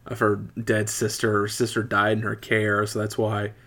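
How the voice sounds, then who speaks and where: A man's voice: on the low side, normal speed. A man casually recapping a movie plot as a podcast co-host, with wry asides. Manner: animated retelling with wry asides.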